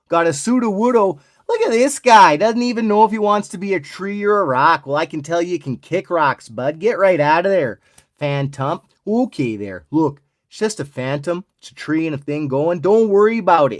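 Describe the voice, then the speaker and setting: A man's voice: high voice, a bit bright. A man in his forties voicing an exaggerated Canadian hoser guy, drawling folksy lines in a put-on Canadian accent. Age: 40s. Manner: drawling, ends lines with "bud" and "eh".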